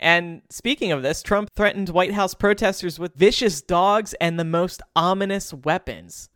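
A man's voice: high voice, moderate pace, a bit bright, clear, resonant tone, no room sound, clean studio sound. A man playing Jesus as God's easygoing son and co-host of a comedy podcast, reading out news items. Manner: easygoing, laughs often, reads out news items. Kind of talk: improvised comedy podcast chat.

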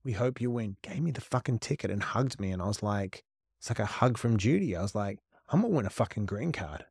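A middle-aged man, a podcast guest, telling stories in an animated, profane way and acting out quoted lines. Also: on the low side, a little fast, creaky, husky, no echo, clean studio sound. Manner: profane, emphatic, acts out quotes. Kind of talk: animated storytelling.

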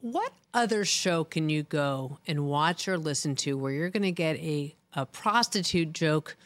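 Woman podcast co-host, low voice, playful banter, dry close mic. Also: animated, unhurried, dry recording. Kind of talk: casual sports chat.

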